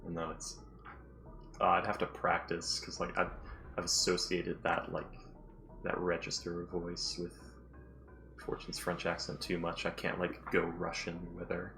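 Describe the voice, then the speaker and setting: A man's voice: sits low, completely flat delivery, unhurried, vocal fry, pushed and bright, faint music behind. A man running a tabletop game as game master, chatting casually in a rambling, self-deprecating way.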